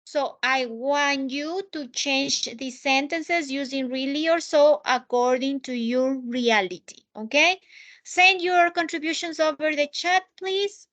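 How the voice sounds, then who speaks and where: A woman's voice: sits high, slow, a bit bright. A woman teaching an online English lesson, explaining patiently and checking in with her students often.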